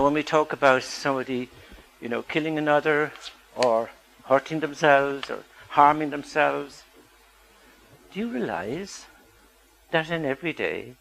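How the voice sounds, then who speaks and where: A man's voice: fairly high pitch, vocal fry, fairly bright tone, poor audio. A man giving a public talk as a psychologist, earnest and asking the audience rhetorical questions.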